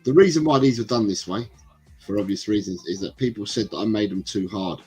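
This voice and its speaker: A man's voice: lowish voice, brisk, a little mellow, breathy edge, faint music behind, rough recording. A man hosting a casual football livestream, reading chat comments aloud and rambling between them. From England. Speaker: livestream host.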